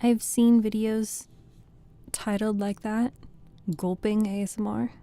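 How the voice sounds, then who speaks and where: Woman bedtime reader, soft-spoken, very slow, deep mellow tone. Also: flat delivery. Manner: soft-spoken, rambling between readings. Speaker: storytelling streamer. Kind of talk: soft bedtime reading and chat.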